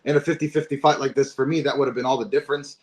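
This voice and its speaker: A man's voice: medium pitch, fairly even intonation, racing. A man co-hosting a fight recap podcast, cursing freely and cutting in with emphatic points in casual chat. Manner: profane, emphatic, interjecting. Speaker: podcast co-host.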